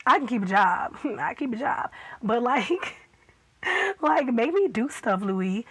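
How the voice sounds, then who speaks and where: Slow-talking chatty woman reviewer. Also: on the high side, poor audio. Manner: chatty, animated, laughs often, many "like" fillers. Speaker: TV episode reviewer. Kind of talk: casual reaction vlog.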